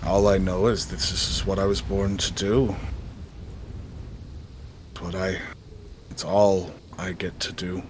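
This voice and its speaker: A man's voice: deep voice, level tone, unhurried, pauses often, a little hiss or hum. A man voicing a scarred, weary old female seer in a tabletop game.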